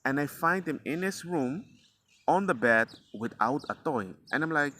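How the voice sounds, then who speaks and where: A man talks in a bright, forceful voice, rambling through a casual story with plenty of slang. He acts out quotes of himself and his son as he goes. Faint outdoor noise sits behind him. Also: on the high side, lively intonation, moderate pace. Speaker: father sharing parenting experiences. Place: outdoors, near a passing dog walker.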